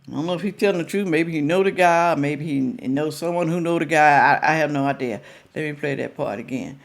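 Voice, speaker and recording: A woman's voice: sits low, brisk, creaky. A woman hosting a reaction video, chatting straight to her viewers in a casual, teasing way.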